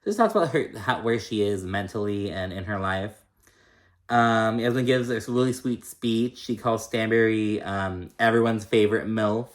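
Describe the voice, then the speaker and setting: A man's voice: lowish voice, moderate pace. A man giving a casual recap of a reality TV episode, chatty and profane, with lots of fillers and shady asides.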